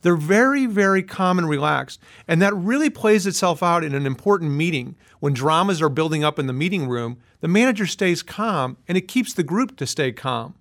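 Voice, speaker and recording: A man with a notably high-pitched voice answers interview questions as a management consultant. He explains earnestly and lays his points out one by one. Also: expressive, moderate pace, hardly any pauses, fairly bright tone. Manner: earnest, list-driven explaining.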